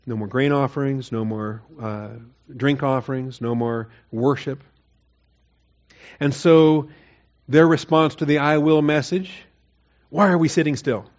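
A man's voice: mid-range voice, steady tone, unhurried, darkish tone, muffled recording. A man preaching a Bible sermon in a conversational way, rising to emphatic, mocking quotes of the people. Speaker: pastor. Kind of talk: expository sermon.

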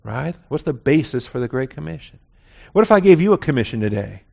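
Bible teacher, man, mid-pitched, chatty lecture, muffled lo-fi recording. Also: big pitch swings, a little fast, gravelly, darkish tone. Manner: conversational, often checks in with "all right?". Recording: dull lo-fi recording.

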